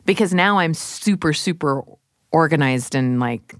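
A woman's voice: low-pitched, expressive, measured pace, no echo, studio quality. A middle-aged woman hosting a podcast, chatting casually and laughing at herself. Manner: chatty, self-deprecating, laughs easily. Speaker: podcast host. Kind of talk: casual chat.

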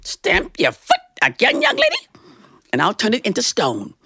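A woman's voice: mid-range voice, wildly swooping pitch, moderate pace, husky, dry recording, clean studio sound, full character voice. Woman doing a sassy, scolding fairy. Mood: stern. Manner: sharp, scolding. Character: sassy stern female fairy with magic wand.

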